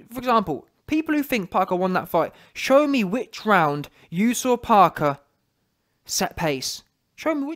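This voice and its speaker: A man, a boxing commentator ranting to camera, emphatic and repetitive, challenging his viewers. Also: high voice. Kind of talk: opinion rant to camera.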